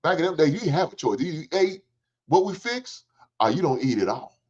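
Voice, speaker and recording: A man's voice: on the high side, big pitch swings, fairly quick, darkish tone. A middle-aged man, hosting a livestream in casual, joking storytelling chat and swearing freely. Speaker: livestream host. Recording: dull lo-fi stream audio.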